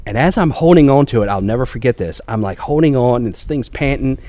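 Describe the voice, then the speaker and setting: Guest spot, man in his 40s from Virginia, animated storyteller, laughs a lot, mid pitch. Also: quick pace. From Newport News, Virginia. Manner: animated storyteller, laughs often, acts out voices. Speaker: assistant police chief, guest. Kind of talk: casual storytelling interview.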